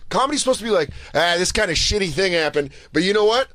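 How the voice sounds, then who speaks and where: A man's voice: high-pitched, expressive, quick pace, fairly bright tone, no room sound. A man co-hosting a podcast, chatting casually and joking, often mimicking other people. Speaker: podcast co-host. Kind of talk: casual chat.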